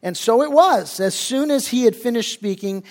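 Man, pastor, sermon, casual slangy storytelling, very high voice, long church reverb. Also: animated, moderate pace. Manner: casual, slangy retelling of scripture.

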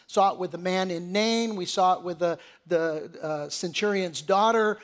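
Male pastor, sermon delivery, mixes scripture reading with plain-spoken paraphrase, hushed emphasis. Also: high voice.

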